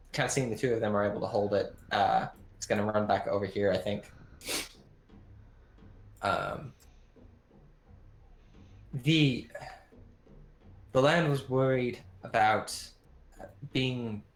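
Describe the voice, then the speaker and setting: A man running a tabletop game as game master, talking haltingly with lots of fillers. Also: medium pitch. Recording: echoey room with faint background noise.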